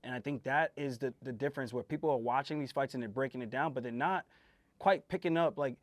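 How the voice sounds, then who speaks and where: A man, a host and fighter, giving a casual fight breakdown in an emphatic, animated way and swearing freely. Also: medium pitch, fast talker, no echo.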